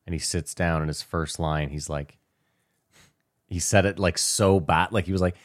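Male podcast co-host, very deep voice, storyteller who ribs the others, dry sound. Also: steady tone, moderate pace, no echo. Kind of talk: casual chat.

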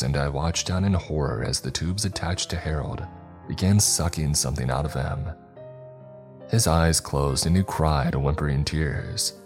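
A man narrating a scary story in a measured, somber way, as scripted narration. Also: a bass voice, darkish tone. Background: faint music.

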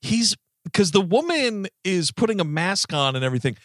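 A man's voice: high-pitched, moderate pace, dry recording, clean studio sound. A man co-hosting a movie podcast, chatting casually and calling people dude. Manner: animated, says dude and bro. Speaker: podcast co-host. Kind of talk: casual movie-review banter.

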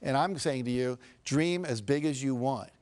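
At a live seminar, an American motivational speaker with a medium-pitched, slightly mellow voice talks at a normal pace. He tells stories, acts out quotes and asks the audience questions directly.

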